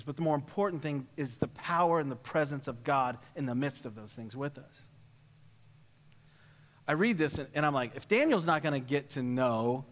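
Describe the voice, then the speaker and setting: A man preaching a sermon in a church, animated and lively, acting out voices and laughing as he goes. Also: a little high, long reverb tail. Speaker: pastor.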